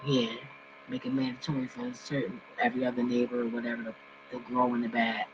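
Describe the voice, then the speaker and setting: Man, casual vlog rant, profane, loud bursts and mumbled asides, dull lo-fi recording, faint hum. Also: little pitch movement, quick pace. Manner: profane, swings between loud outbursts and low mumbling. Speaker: vlogger.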